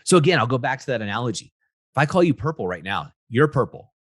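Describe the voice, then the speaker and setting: Brief: husky-voiced male coach, lively swooping delivery, punchy motivational monologue. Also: medium pitch, fast, dry recording, clean studio sound. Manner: animated, emphatic, repeats "right?" and "guys". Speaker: podcast host, relationship coach.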